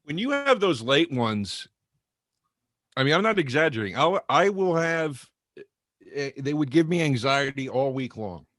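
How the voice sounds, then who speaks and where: A comedian talking candidly and profanely in a casual podcast chat. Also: male voice, on the high side, sing-song, fairly bright tone, no room sound, clean studio sound. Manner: candid, profane, quick agreeing.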